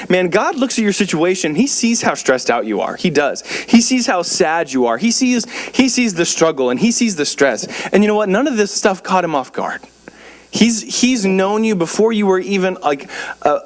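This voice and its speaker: Young pastor with a higher voice, preaching casually. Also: male voice. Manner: informal, repeats words, many fillers like "like". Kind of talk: sermon. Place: church.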